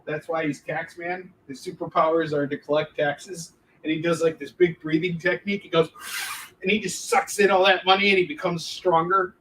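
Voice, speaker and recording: Joking, high-voiced man on a livestream. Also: little pitch movement, fairly quick, fairly bright tone. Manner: joking, rambling, laughs often. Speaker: comic book artist hosting a live Q&A. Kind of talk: casual livestream chat. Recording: distant mic, faint background noise.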